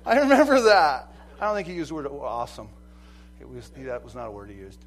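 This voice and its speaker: A man preaching a sermon as pastor, animated, acting out quoted voices and swinging from loud to soft. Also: on the high side, brisk, rough recording. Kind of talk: lively sermon.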